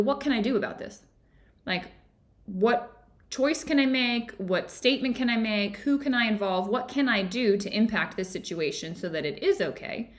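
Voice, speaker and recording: A woman hosting an online book club from her home office, talking casually and animatedly and laughing often. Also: mid-range voice.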